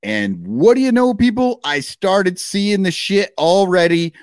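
Animated, profane male podcast co-host. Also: high voice, measured pace, smooth, no echo, studio quality. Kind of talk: casual podcast banter.

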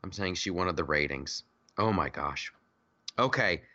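Joking man hosting a podcast, bright tone. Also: deep voice, a little slow, lo-fi sound. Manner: joking, rambling, with restarts. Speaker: podcast host. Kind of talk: casual political chat.

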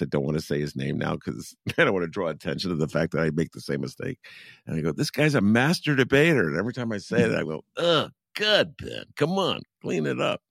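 A man's voice: sits low, vocal fry, dry recording, clean studio sound. A man hosting an interview, laughing easily and talking with many fillers and restarts. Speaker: interview host. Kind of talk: conversational interview.

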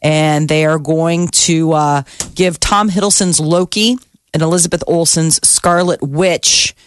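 A woman's voice: low-pitched, steady tone, measured pace, no room sound. A woman co-host chats her way through entertainment headlines with easy fillers. The sound is dry and close, with no room around her voice. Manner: chatty, reads celebrity news with fillers. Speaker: co-host reading entertainment news. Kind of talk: casual radio show chat. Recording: dry close studio mic.

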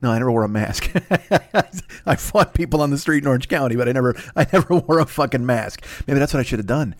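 A middle-aged man hosting a podcast, telling stories in a crude, swearing, animated comedic rant. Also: mid-range voice, fairly quick, no room sound. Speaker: podcast host.

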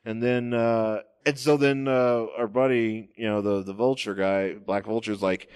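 A man casually recapping a comic book with a friend, rambling, restarting sentences, swearing and acting out characters in quick voices. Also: fairly low pitch, level tone, darkish tone, clean tone. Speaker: podcast co-host.

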